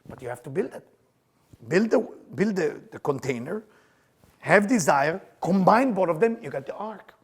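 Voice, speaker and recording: A man's voice: sits high, animated, moderate pace, husky. An older man teaching a Kabbalah class, emphatic, repeating his questions, with non-native English grammar. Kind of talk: spiritual class lecture.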